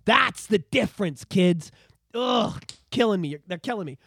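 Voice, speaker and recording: A man in his thirties co-hosting a casual podcast, ranting with animated, profane energy. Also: sits high, measured pace, gravelly, husky, dry recording, clean studio sound. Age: 30s. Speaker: podcast co-host.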